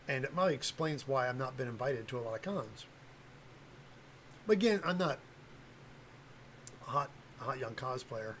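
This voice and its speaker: A man's voice: mid-range voice, expressive, normal speed, long pauses, slight background noise, rough recording. An older man talking casually on a livestream, blunt and rambling, with lots of fillers and restarts. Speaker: livestream host, cosplay prop maker.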